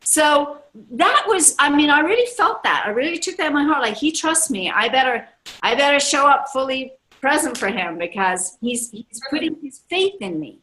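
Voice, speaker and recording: Woman, 60s, business leader at a live seminar. Bright, slightly high voice. Enthusiastic and emphatic, repeats key lines. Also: lively intonation, moderate pace, poor audio. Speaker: network marketing leader. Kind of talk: motivational seminar talk. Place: seminar room with a live audience.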